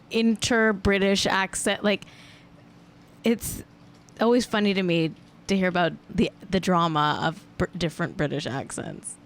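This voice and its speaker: A woman hosts a casual celebrity gossip chat in an easy, amused way. Her pitch sits in a middle range, and she keeps slipping in "like" as she rambles. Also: a little hiss or hum. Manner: chatty and amused, heavy use of "like". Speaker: podcast host.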